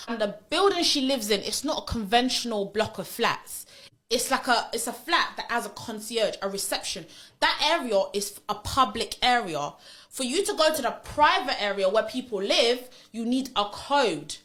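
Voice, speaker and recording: Her voice sits slightly high as she chats on a podcast, moving at a moderate pace. She narrates the story with energy, voicing each character's lines herself.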